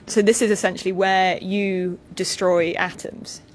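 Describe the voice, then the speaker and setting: A woman's voice: medium pitch, flat delivery, slight background noise, low-quality recording. A woman reporter on location, curious and chatty, asking questions as she is shown around. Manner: curious, chatty, quick asides.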